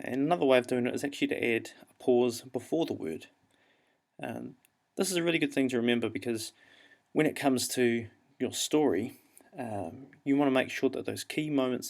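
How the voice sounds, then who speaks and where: A man with a New Zealand accent, an English teacher explaining how to perform an audio story in a relaxed, explanatory way. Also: medium pitch, creaky. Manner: relaxed, explanatory, frequent ums and uhs. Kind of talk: classroom instructional talk.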